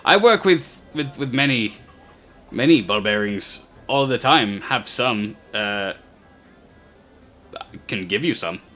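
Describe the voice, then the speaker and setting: Gleeful female goblin tinkerer voiced by a man, clipped broken speech, proud, bright tone. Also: mid-range voice, expressive, takes it slowly, pauses often.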